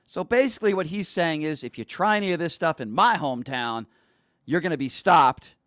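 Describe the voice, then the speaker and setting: High-pitched man ranting indignantly on talk radio. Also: a little fast, fairly bright tone, no room sound, clean studio sound. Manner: indignant, mocking, repetitive. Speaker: talk show host. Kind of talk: opinionated talk radio rant.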